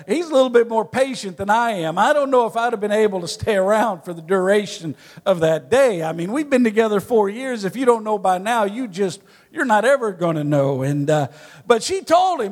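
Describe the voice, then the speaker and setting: High-voiced man preaching in a hall. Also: expressive. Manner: folksy storytelling with pauses. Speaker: pastor. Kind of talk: sermon. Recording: long hall reverb.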